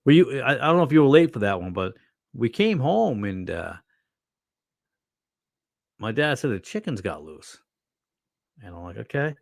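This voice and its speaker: A tired middle-aged pastor chatting casually on a livestream, rambling with many fillers and restarts. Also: male voice, mid-range voice, very animated, normal speed, vocal fry, long pauses, dry recording, clean studio sound.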